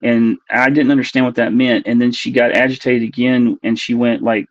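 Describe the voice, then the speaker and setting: A man in his forties, a guest earnestly recounting a personal experience in a halting way as he searches for words. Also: medium pitch, little pitch movement, dry recording. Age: 40s. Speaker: podcast guest. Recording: dull, lo-fi dry recording.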